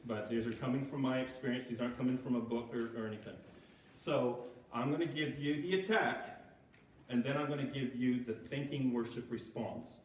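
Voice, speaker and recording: A man's voice: medium pitch, normal speed, slight background noise. A man giving an informal, conversational talk at a church recovery group, often checking in with "okay?" and laughing at himself. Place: church hall. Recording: echoey hall from far off.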